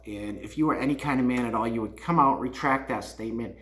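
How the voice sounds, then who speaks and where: In a heated opinion rant, a YouTube channel host scolds and repeats himself. His medium-pitched, fairly bright voice moves briskly with few pauses, recorded in an echoey room.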